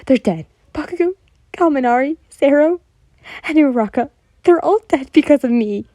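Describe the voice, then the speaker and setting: A woman's voice: fairly high pitch, completely flat delivery, slow, creaky, breathy edge, dry recording, pitched above the performer's own voice, exaggerated voice. A woman voicing a distraught young female student who sobs and cries out in guilt, in a spoken fan story. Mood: sobbing. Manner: sobbing, crying out loud.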